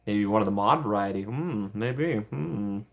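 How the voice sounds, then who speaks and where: A man's voice: on the low side, lively intonation, a little slow, gravelly. A man casually chatting on a livestream, answering viewer comments in a playful way and giggling often. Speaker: streamer answering live chat.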